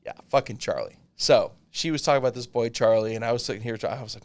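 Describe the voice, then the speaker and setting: A man in his thirties telling a long personal story in casual chat, animated and swearing freely. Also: medium pitch, fast talker. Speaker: podcast co-host.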